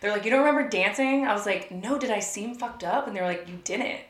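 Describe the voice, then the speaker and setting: A woman's voice: mid-range voice, a little fast, reverberant. A young woman chatting casually and telling a story, laughing and swearing a lot. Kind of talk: casual chat.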